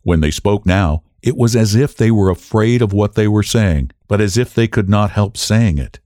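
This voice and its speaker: Low-voiced man narrating an audiobook. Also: moderate pace, mellow, no echo, studio quality.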